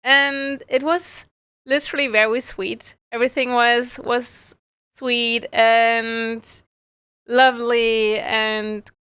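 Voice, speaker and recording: Slow-talking bright-voiced woman host. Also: a little high, flat delivery, clear, resonant tone, no echo. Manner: chatty, giggly, explains slowly. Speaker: community host. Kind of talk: casual live stream chat.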